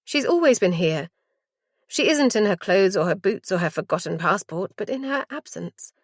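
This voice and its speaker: Female audiobook narrator, mid-pitched, measured and hushed, dry studio sound. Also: animated, no room sound. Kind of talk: first-person thriller narration.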